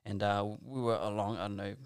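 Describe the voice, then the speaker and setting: Man, slightly low voice, dry close mic, casual rambling storytelling, earnest. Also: little pitch movement, fairly quick, clean tone, no echo. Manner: rambling, earnest, full of asides and restarts. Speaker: guest telling a personal story.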